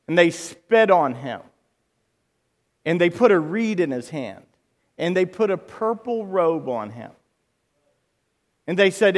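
A man preaching a sermon in an animated way, acting out quoted voices and rising to loud bursts. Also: a little high, slow, pauses often, long reverb tail.

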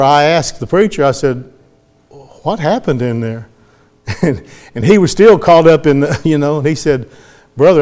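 A man's voice: on the high side, a little mellow. A middle-aged man, preaching a sermon as he tells a story in a folksy way and acts out the voices of the people in it. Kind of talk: sermon testimony.

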